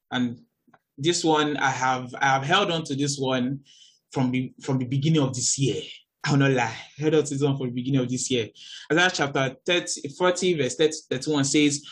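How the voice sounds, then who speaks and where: A young man with a Nigerian accent, preaching a sermon in an earnest, animated way that jumps to high exclamations. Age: young adult.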